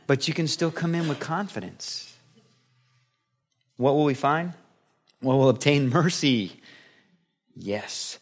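A middle-aged man delivers a sermon as pastor, with a voice of ordinary pitch. He preaches in a lively, playful way, slipping into quick acted-out scenes to make his points. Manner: animated, playful preaching that acts out little scenes.

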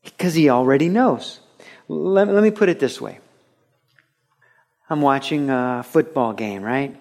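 A man preaching a sermon to a congregation in an earnest, conversational way, sometimes building to animated storytelling. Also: medium pitch, measured pace. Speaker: pastor. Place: church, broadcast on radio.

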